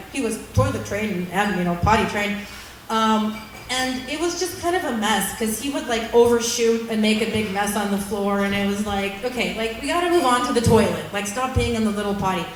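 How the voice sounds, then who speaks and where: A woman with a slightly high voice does stand-up storytelling at an open mic venue, heard from far off in an echoey room with slight background noise. She's chatty and self-mocking, uses lots of filler, and bursts into loud quoted outbursts.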